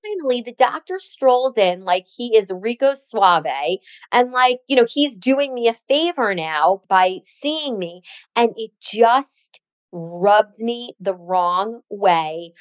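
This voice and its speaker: A woman's voice: on the high side, animated, takes it slowly, no echo. A woman co-hosting a podcast, telling a story in a sarcastic, emphatic way, full of "like" and "you know". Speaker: podcast co-host. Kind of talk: casual chat.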